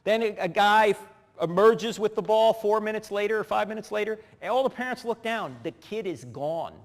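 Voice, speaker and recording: A middle-aged man giving a humorous teaching talk, telling animated stories, acting out voices and laughing as he goes. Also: high voice, moderate pace. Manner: animated storyteller who acts out voices and laughs. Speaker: speaker. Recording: long hall reverb.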